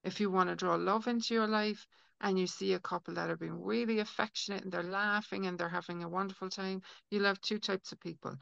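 A woman's voice: mid-range voice, fairly even intonation, fairly quick, gravelly, fairly bright tone, no echo. A woman guest on a podcast, talking earnestly in casual conversation and acting out inner voices as she explains. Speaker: guest healer. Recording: dull lo-fi audio, dry.

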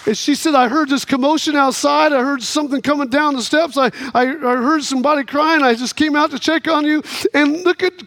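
A man with a very high voice delivers a sermon in a dry, close sound with no room echo. He tells his story animatedly, putting on the voices of each person in it. At the high points he climbs almost to a shout. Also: fairly even intonation, brisk, few pauses. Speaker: pastor.

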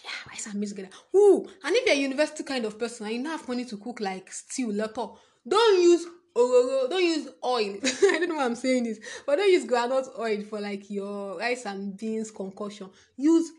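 Pitched on the high side with a darkish tone, this young woman from Nigeria talks at a normal pace with few pauses. In her Nigerian English accent she rambles through a casual vlog, hopping between ideas, laughing and cursing often.

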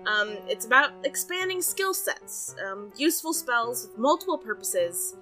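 A woman's voice: on the high side, very animated, a little slow, sharp tone, soft background music, heavily acted. A woman voicing an earnest female magic professor who rambles with many fillers.

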